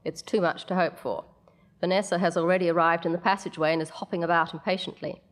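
A woman narrating a story aloud in a measured way, with the odd casual aside. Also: fairly low pitch, steady tone.

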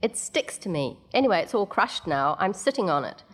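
A woman reading a story, voicing a stubborn six-year-old girl in a piping, shrill voice. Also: very animated, brisk, breathy edge. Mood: defiant.

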